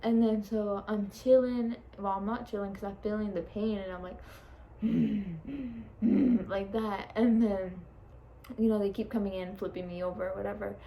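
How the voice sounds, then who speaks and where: A woman's voice: mid-range voice, level tone, moderate pace, dark tone, rough recording. A young woman casually telling a personal story, chatty, laughing often and swearing freely. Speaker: vlogger. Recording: faint background noise.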